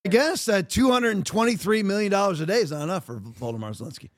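A man with a fairly high voice hosts his own podcast, talking through the news in a blunt, emphatic way. He rambles and restarts his sentences as he argues his point. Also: expressive, fast talker. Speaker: podcast host. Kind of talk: opinionated political commentary.

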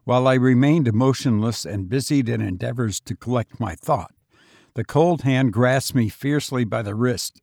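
A man narrating a gothic tale as a dramatic reading, with a solemn, measured delivery. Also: medium pitch, darkish tone, no echo, studio quality.

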